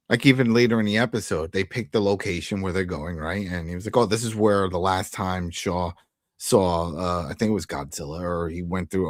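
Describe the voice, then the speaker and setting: A man co-hosting a casual TV recap, reacting with animated opinions and quoting characters as he goes. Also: on the low side, no room sound, studio quality. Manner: animated, quick to react and agree. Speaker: podcast co-host.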